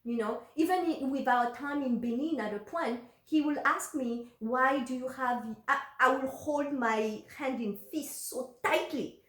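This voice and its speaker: A woman's voice: a little high, reverberant. A woman vlogger telling a personal story in a candid, emotional way, full of fillers and restarts.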